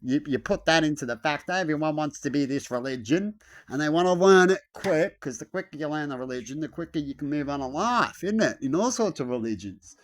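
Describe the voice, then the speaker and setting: A man in a casual rambling rant. He swears often and acts out the voices he quotes, often loudly. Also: on the high side, expressive, brisk.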